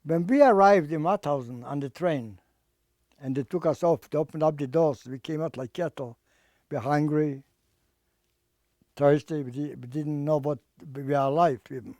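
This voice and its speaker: Older guy telling his story, grave and halting, repeats himself a lot, soft mellow voice, dry sound. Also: fairly high pitch, no echo. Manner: halting, repeats and restarts words, grave and emotional. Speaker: interviewee, artist. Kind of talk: personal testimony.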